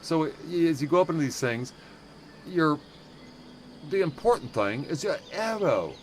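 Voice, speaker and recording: A man's voice: fairly high pitch, animated, normal speed, slight background noise. A man hosting a casual game livestream, rambling and self-interrupting with many fillers while playfully mangling German words. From United States. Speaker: livestream host.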